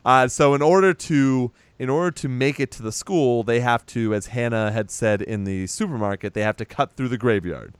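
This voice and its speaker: Guy chatting thru a movie recap, smooth clear voice, dry close sound. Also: medium pitch, moderate pace, hardly any pauses, dry recording. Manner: rambling retelling with acted-out quotes and laughs. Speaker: podcast co-host recapping a movie. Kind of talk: casual chat.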